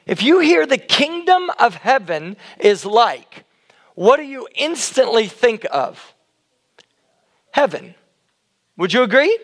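Loud, high-pitched middle-aged male pastor, conversational sermon, questions the congregation. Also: very animated, takes it slowly, long pauses. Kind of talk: interactive sermon.

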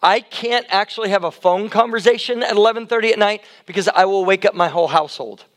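Loud, high-voiced male pastor. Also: quick pace. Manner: loud, conversational, asks the congregation questions. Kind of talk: interactive sermon.

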